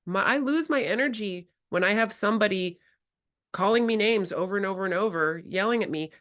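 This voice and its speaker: In a workshop talk for teachers, a woman reflects openly and acts out things she once said. Her mid-range voice has a fairly bright tone, and she speaks a little quickly.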